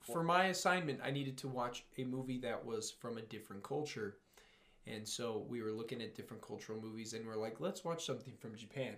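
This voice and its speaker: A young man co-hosting a casual movie review chat, relaxed and slangy, a bit hesitant. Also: medium pitch, fairly quick. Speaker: co-host.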